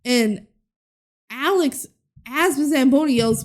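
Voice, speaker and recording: A woman's voice: on the high side, moderate pace. A young adult woman co-hosting a podcast, recapping a movie in casual chat and acting out the characters' lines. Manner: animated, acts out characters' lines. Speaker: podcast co-host.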